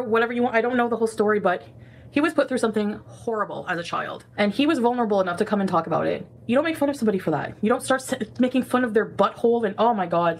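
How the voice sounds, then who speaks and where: Female commentary host, indignant and blunt, casual heated delivery at an average pitch. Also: husky, poor audio.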